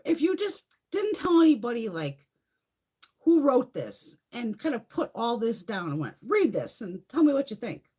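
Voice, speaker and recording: Middle-aged woman host, husky, very lively pitch, profane casual live-chat rant. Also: normal speed. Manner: profane, heated, animated.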